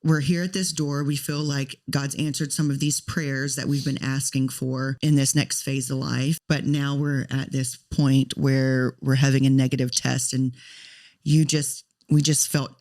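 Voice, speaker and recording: A woman's voice: a bass voice, little pitch movement, measured pace, a little mellow. A woman in her thirties co-hosting a podcast, telling a personal story in an earnest, talkative way. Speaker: podcast co-host.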